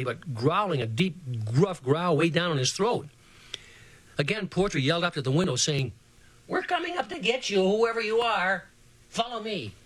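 A man narrating a children's storybook in an expressive, playful way. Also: on the high side, dry recording. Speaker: audiobook narrator.

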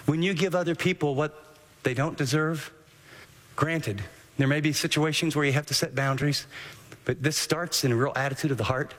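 A man preaching a sermon as a pastor, animated, acting out the thoughts of his listeners. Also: on the high side, normal speed, long pauses. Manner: animated, acts out quoted inner voices. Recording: long hall reverb.

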